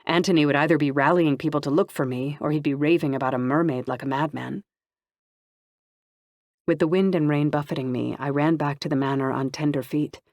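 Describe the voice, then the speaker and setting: Steady audiobook narrator, dry close sound. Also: medium pitch, brisk, dry recording. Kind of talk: first-person novel narration.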